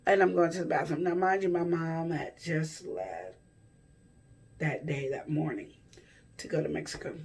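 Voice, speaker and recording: A woman's voice: low-pitched, normal speed, gravelly, long pauses, darkish tone, far from the mic. A woman vlogger telling a personal story to camera in a rambling, self-correcting way.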